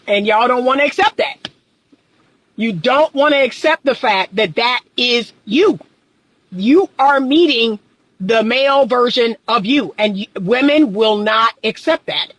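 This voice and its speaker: Woman, relationship coach, livestream commentary, emphatic and exasperated, animated, dry close sound. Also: fairly high pitch, a little slow, no room sound, rough recording. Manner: emphatic, exasperated rhetorical questions; animated, laughs often.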